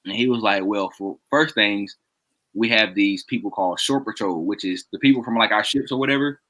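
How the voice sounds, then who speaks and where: A man's voice: fairly low pitch, brisk, rough recording. A man casually telling a long story to his friends, laughing often and acting out what people said. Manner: animated, laughs often, acts out quoted dialogue. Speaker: podcast co-host telling a story.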